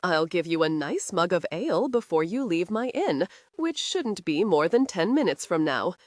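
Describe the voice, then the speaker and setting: A woman's voice: fairly low pitch, big pitch swings, moderate pace, darkish tone, dry recording, clean studio sound. A woman narrator voicing a formidable innkeeper who gives orders in a drily commanding way.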